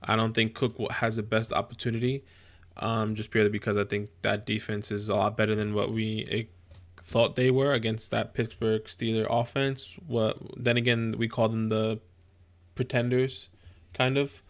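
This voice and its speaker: An American man co-hosting a casual live stream, agreeable and giving measured picks. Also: fairly low pitch, little pitch movement. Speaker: podcast co-host.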